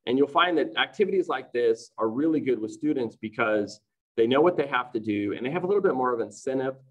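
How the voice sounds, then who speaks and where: A man's voice: medium pitch, lively intonation, fast, muffled recording. Man giving a chatty teaching talk. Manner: explanatory, chatty, often asks "right?". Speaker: teacher presenting at a conference. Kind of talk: online conference presentation.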